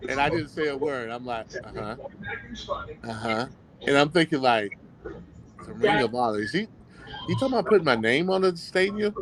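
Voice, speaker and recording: A man's voice: fairly high pitch, animated, a little fast, poor audio. A man, a former professional football player, telling stories in a casual interview, acting out the voices of people he quotes and laughing often.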